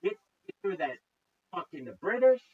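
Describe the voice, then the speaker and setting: A man hosts a reaction video, ranting with nonstop swearing and exasperation. His voice is high and husky. The recording sounds dull and lo-fi. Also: sing-song, moderate pace. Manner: profane, exasperated, loud rants. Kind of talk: casual ranting commentary.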